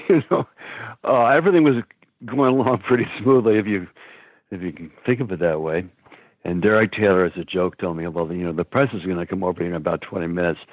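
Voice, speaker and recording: A man's voice: sits low, no room sound. A man in his seventies, a guest telling long stories in a rambling way, often laughing and acting out what others said. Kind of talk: casual storytelling. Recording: dry tinny phone line.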